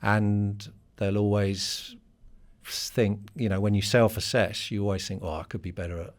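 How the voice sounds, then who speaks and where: A man's voice: on the low side, level tone, normal speed. A middle-aged man, a business leader giving a conversational podcast interview in a straightforward, plain-spoken way. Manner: straightforward, conversational with many fillers.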